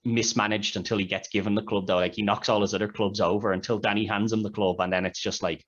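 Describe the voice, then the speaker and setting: A man's voice: lowish voice, flat delivery, quick pace, a bit bright. A man co-hosting a podcast, chatting casually about a film and retelling its scenes in a rambling way. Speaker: podcast co-host. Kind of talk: casual film review chat. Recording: dull lo-fi sound.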